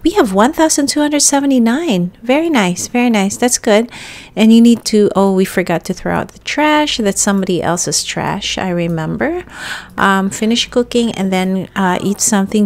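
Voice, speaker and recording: A woman's voice: medium pitch, normal speed. Young female let's-player, casual chatty commentary, talks to her sim and viewers. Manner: chatty, talks to her character and viewers, bursts into excited yelps. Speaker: gaming YouTuber.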